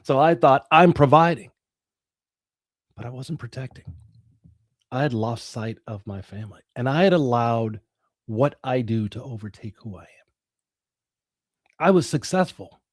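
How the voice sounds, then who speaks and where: A man's voice: mid-range voice, a little mellow, no room sound, studio quality. A middle-aged man, an interview guest, telling a dramatic personal story with the odd laugh.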